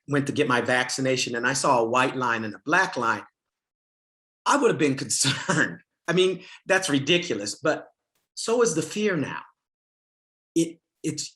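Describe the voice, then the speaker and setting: At a summit, a middle-aged man with a medium-pitched, slightly bright voice tells a frank personal story. He pokes fun at himself, laughs at his own expense, and keeps restarting sentences and filling pauses.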